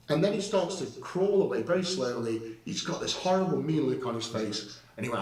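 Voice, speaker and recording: A man's voice: on the high side, animated, fairly quick, hardly any pauses, a little mellow. A man bluntly retelling a confrontation in his own words, swearing often and speaking with rising heat. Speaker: guest recounting an incident. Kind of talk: storytelling in a clip. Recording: roomy, distant clip audio.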